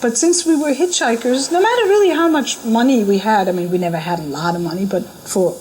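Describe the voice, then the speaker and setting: Animated woman telling a story, laughing. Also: on the high side, brisk, poor audio. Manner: animated, laughs often, quotes others in lively voices. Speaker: storyteller recalling a spiritual journey. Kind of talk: casual spoken memoir. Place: talk at a spiritual center.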